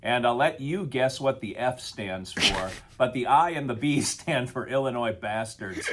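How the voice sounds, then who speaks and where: A middle-aged man from Wisconsin rants in a mock-grumpy, over-the-top way while co-hosting a casual podcast. His pitch sits in the middle for a man but swings widely from line to line. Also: expressive, a little slow, background noise. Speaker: podcast co-host. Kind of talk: casual comedic podcast chat.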